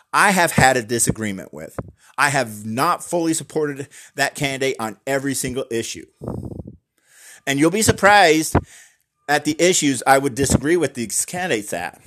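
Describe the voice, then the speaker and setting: A man giving an earnest, emphatic opinion talk, speaking directly to the listener and slowing down to stress key words. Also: medium pitch, fairly bright tone, a little hiss or hum. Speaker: Christian commentator on voting.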